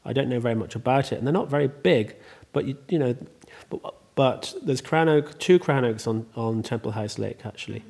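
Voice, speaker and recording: A man's voice: medium pitch, a little fast, creaky, few pauses, a little mellow. A man, the host, talking casually in an interview, rambling and chatty with many ums and restarts. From Ireland. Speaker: host and estate owner.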